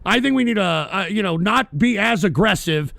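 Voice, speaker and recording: Gravelly, swearing radio host. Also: male voice, high-pitched, lively intonation, normal speed, pushed and bright, no room sound. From United States. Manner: heated, swearing, repeats himself. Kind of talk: profane political rant.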